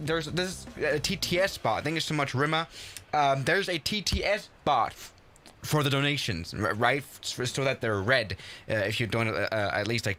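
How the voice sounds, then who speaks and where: Excitable man live-streaming, bright lively voice. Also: mid-range voice, slight background noise. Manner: excitable, with many stumbles and restarts. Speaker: live streamer playing a flight simulator. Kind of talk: casual live-stream chat.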